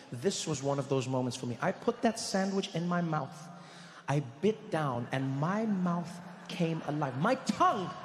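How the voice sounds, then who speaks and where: A male comedian tells a story on a theater stage into a stage mic, acting out scenes and shifting his pace for effect. His voice sits high for a man, and the sound carries a long hall reverb over a faint ambient hum. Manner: animated, acts out scenes, speeds up and slows for effect. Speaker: stand-up comedian. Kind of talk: live stand-up storytelling. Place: theater stage before a live audience.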